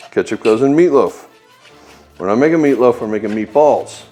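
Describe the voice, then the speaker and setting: A man's voice: mid-range voice, lively intonation, fairly quick, darkish tone, soft background music. A man hosting a home cooking video, demonstrating a recipe in a chatty, joking way with bossy asides. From United States. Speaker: home cooking channel host.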